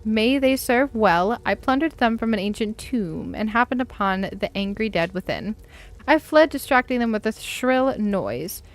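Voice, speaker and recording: A woman voicing a boastful male warrior who reads his letter slowly and grandly in a fantasy game. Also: fairly high pitch, expressive. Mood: grandiose. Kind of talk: reading a game letter aloud.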